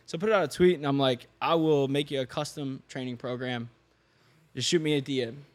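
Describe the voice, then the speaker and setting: A young man chats on a podcast as a guest, spinning a story with lively energy. He acts out the lines of the people he quotes and laughs easily. His voice sits at an ordinary middle pitch. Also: a little fast. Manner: animated, laughs often, acts out quoted dialogue. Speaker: podcast guest, online fitness coach. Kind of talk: casual storytelling chat.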